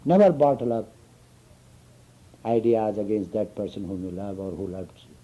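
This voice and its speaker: A man's voice: on the low side, moderate pace, long pauses, mellow, slightly rough. A man giving an informal spiritual talk to students, telling stories and often asking if they understand. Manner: storytelling, chuckling, asks listeners "you understand?". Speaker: spiritual teacher. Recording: dull lo-fi recording.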